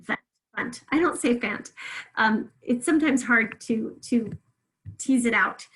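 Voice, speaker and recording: A woman teaching a remote phonics lesson, patiently drawing words out slowly so listeners can hear each sound. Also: fairly high pitch, a bit bright, low-quality recording.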